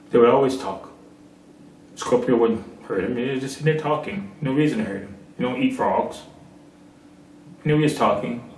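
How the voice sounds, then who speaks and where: A man preaching a sermon, telling a parable and rising to emphatic peaks. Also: medium pitch. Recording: echoey room, far from mic.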